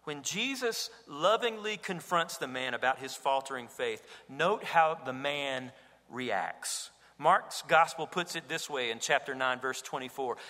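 A man's voice: medium pitch, measured pace, bright, forceful tone. A man preaching a sermon as pastor, earnest and rising to emphatic cries. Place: church sanctuary. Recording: reverberant hall.

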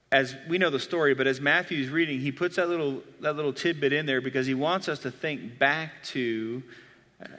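Bright-voiced male preacher in a hall. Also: mid-range voice. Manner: expressive preaching, reading scripture aloud. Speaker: pastor. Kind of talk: sermon.

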